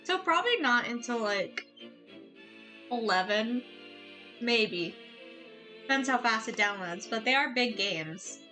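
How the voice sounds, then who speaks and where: A woman game streamer chatting casually while she plays, excitable and giggly, swearing casually. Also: on the high side, slow pace, pauses often, faint music behind.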